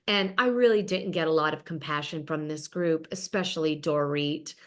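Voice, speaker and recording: A woman's voice: sits low, moderate pace, voice pushed down, close to an everyday voice. Woman mimicking a self-pitying reality star. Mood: aggrieved.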